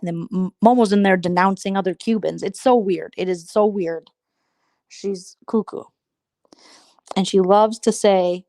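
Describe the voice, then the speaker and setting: Brief: gossipy, sarcastic female streamer, mid-pitched, dry close sound. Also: moderate pace, warm tone, no echo. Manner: gossipy, sarcastic, slips into mimicry. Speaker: host. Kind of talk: casual livestream gossip chat.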